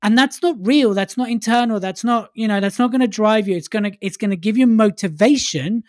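A man co-hosting a casual podcast, talking in a joking, lively way with quick asides. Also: high-pitched, no echo, clean studio sound. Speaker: podcast co-host.

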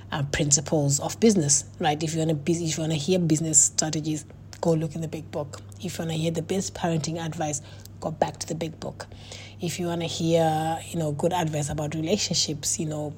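A woman's voice: deep voice, dark tone, a little hiss or hum. A middle-aged woman, a coach and author, talking earnestly to her viewers in a casual monologue, with many fillers and restarts.

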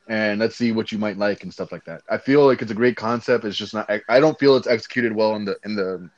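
A man's voice: on the low side, highs cut off. A young man from Texas with a Mexican-American accent, rambling in casual chat, saying dude a lot and swearing freely.

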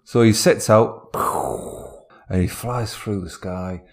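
A man's voice: fairly low pitch, steady tone, slow, a little mellow. A man telling an improvised comedy story in a rambling, playful manner.

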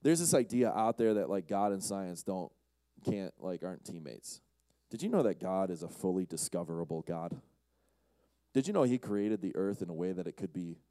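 A man's voice: sits low, mellow, no room sound. A man giving a casual, conversational sermon to a live audience, often asking the crowd questions and acting out quotes. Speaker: youth speaker.

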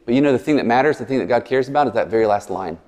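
A man's voice: medium pitch, lively intonation, rapid-fire, a little mellow. A male pastor preaches in a loose, talkative way, wandering into asides and quips. His mid-range voice carries a long reverb through a church sanctuary. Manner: chatty, verbose, digressing with asides and jokes. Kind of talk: sermon. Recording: long reverb in a large hall.

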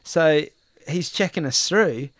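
A man in casual chat, telling lively stories and acting out what people said, with the odd swear word. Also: on the high side, takes it slowly, no room sound. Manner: animated storyteller, acts out quotes, swears casually.

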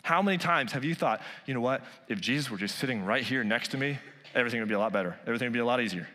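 A male pastor preaching a sermon, rising loud on key points and dropping soft on others. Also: medium pitch, animated, racing, big-room sound.

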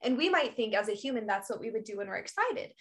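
A woman's voice: fairly high pitch, big pitch swings, fast talker. A young woman co-hosting a casual chat, upbeat and laughing often as she tells stories about guiding snorkelers. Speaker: podcast co-host, former snorkel guide.

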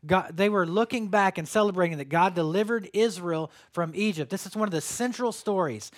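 A male pastor giving a sermon, telling stories with sudden loud bursts and quiet drops. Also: high-pitched, fairly quick.

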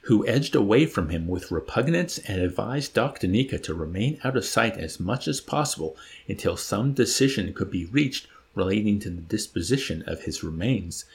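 Gravelly man reading a novel aloud. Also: lowish voice, moderate pace, few pauses. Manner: expressive, stops to comment. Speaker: reader.

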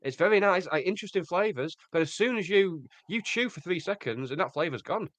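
Male podcast co-host, somewhat high and very animated pitch, sarcastic, dry sound. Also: brisk, no room sound. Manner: wry, sarcastic quips. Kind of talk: comedic casual chat.

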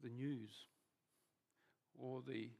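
A man preaching a conversational sermon as pastor, often restarting phrases and trailing off softer at the end of thoughts. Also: mid-range voice, flat delivery, extremely slow, gravelly.

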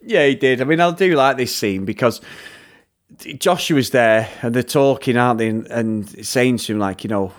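A man in an easygoing film chat, his voice sitting at an ordinary middle pitch. He runs through scenes eagerly, cursing now and then and laughing as he goes. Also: moderate pace. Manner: animated, swears, laughs often, retells scenes at length. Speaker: podcast co-host reviewing films. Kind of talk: casual chat.

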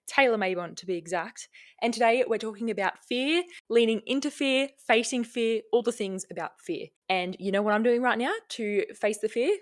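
A woman's voice: a little high, moderate pace. A young Australian woman hosting her own podcast, chatting casually on a plugged-in mic, swearing freely and ranting. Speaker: podcast host. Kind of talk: casual solo podcast chat.

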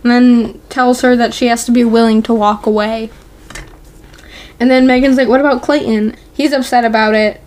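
A woman's voice: fairly high pitch, flat delivery, moderate pace, a little mellow. A woman chatting casually as a podcast co-host, speaking with lots of "like" and "um" and an easy giggle. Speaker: podcast co-host recapping a TV episode. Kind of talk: casual chat.

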